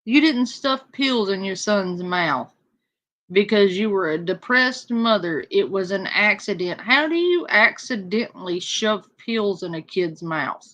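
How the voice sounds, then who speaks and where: Slow, sarcastic woman commentator. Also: medium pitch, animated, a bit bright. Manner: sarcastic, incredulous. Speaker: reaction commentator. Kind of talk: casual reaction commentary.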